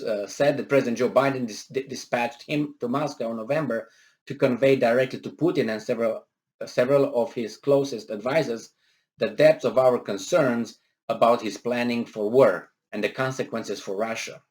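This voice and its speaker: Sarcastic male commentator, argumentative. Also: darkish tone. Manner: argumentative, rhetorical questions, sarcastic asides; pitch jumps when emphatic, frequent uh and um. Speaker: political commentator. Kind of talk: reading and commenting on a news article.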